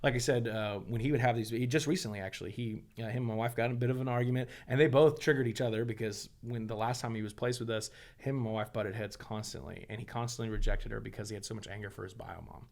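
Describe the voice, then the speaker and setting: A male pastor speaks as a podcast guest, rattling through a family story at a brisk clip. His voice sits mid-range, lively and animated, and he keeps dropping in casual asides as he goes. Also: medium pitch, gravelly. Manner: animated, rapid, full of "you know" asides.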